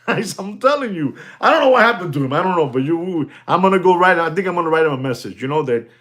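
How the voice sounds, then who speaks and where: A man selling watches in a casual, rambling talk, often calling out to ladies and gentlemen and laughing as he goes. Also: fairly high pitch, lively intonation, fast. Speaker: watch dealer. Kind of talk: casual chat.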